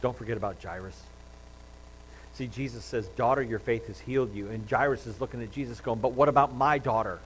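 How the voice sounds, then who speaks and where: A man preaching a sermon, retelling a Bible story with lively acted-out quotes and frequent restarts. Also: mid-range voice, brisk, slight background noise, poor audio. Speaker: pastor.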